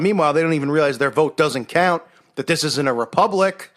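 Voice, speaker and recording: A man's voice: on the high side, expressive, brisk, a bit bright. A man hosting a casual monologue show, talking in a sarcastic, mocking way. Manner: sarcastic, mocking impressions of others. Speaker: host.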